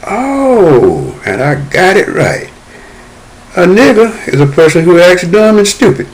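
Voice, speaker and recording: An older man, telling a story from his childhood in an animated way and acting out the dialogue. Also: sits high, a little slow, poor audio. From Southern United States. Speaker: interview guest.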